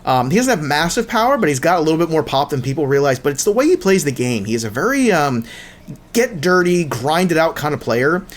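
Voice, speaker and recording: Chatty higher-voiced male podcast host. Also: sing-song, fairly quick, a little hiss or hum. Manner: joking, chatty, lots of fillers. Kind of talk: casual sports chat.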